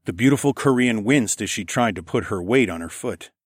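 A man's voice: fairly low pitch, expressive, a little fast, no echo, studio quality. A man narrating a first-person story in a gritty, profane storytelling manner. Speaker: audiobook narrator.

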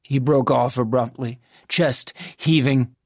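A narrator reading a fantasy novel in the first person, in a measured, even storytelling manner. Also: mid-range voice, no echo, clean studio sound. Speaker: audiobook narrator.

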